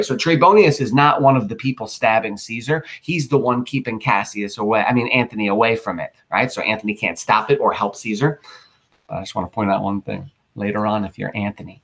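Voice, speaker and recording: A man's voice: fairly low pitch, a bit bright, slightly rough. A male teacher giving a casual recorded lesson, reading lines from a play aloud and explaining them in slangy everyday paraphrase.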